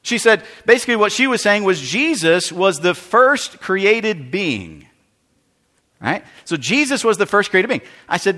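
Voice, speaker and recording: A man, a pastor, telling a story in a sermon with animated, emphatic delivery and frequent repetition. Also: high voice, measured pace, long reverb tail.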